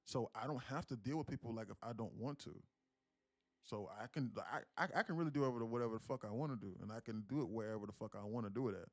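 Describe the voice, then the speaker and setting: A man's voice: medium pitch, fast talker, dry recording. Sarcastic rambling young man, dry sound. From South Carolina, USA. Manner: sarcastic, rambling, many restarts. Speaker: day trader and live streamer. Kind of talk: casual live-stream chat.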